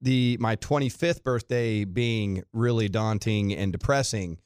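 A man's voice: fairly low pitch, measured pace, a little mellow, smooth, no room sound. A male radio co-host talking frankly and wryly in a casual studio chat. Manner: wry and frank.

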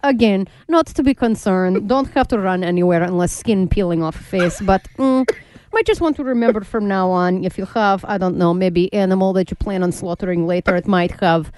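A woman voicing a bumbling Russian TV newscaster with a mock Russian accent, in halting, broken grammar full of fillers. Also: medium pitch, darkish tone, clear, resonant tone, lightly acted. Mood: flustered.

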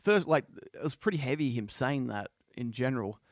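A man's voice: medium pitch, animated, fairly quick, dry recording, clean studio sound. A man on a podcast casually retelling a story he heard, rambling with lots of fillers. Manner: rambling, many fillers like "you know" and "like". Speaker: podcast host.

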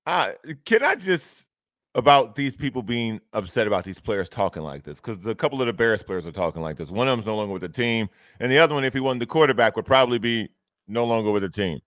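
A male co-host on a sports talk show, with a lively, swooping delivery as he makes his case. The recording is close and dry. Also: mid-range voice, no room sound. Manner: animated, argumentative.

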